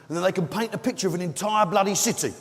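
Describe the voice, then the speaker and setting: A man's voice: high voice, very fast. A man doing stand-up, rambling in mock worry at one member of the audience. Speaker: stand-up comedian. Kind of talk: stand-up routine. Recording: roomy hall with faint noise.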